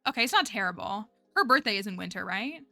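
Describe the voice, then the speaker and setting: A woman's voice: medium pitch, expressive, quick pace, creaky, sharp tone, no echo, faint music behind. A woman streaming a game, chatting casually as she plays, thinking aloud and talking to her viewers. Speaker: livestreamer. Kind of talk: casual gameplay commentary.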